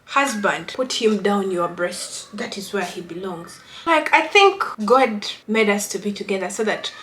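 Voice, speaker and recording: A woman's voice: mid-range voice, lively intonation, a little slow, a bit bright, a little hiss or hum. A middle-aged woman vlogging relationship advice in casual chat, reading viewers' comments with a teasing, chatty manner. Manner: chatty, teasing, bursts into laughter.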